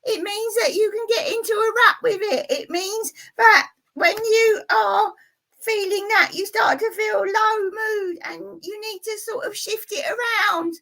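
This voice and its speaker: A woman's voice: measured pace, vocal fry, bright, forceful tone, heavily acted. A woman voicing a cheeky, self-important male puppet in a whiny, strained voice. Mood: lecturing. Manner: whiny, indignant, high and strained.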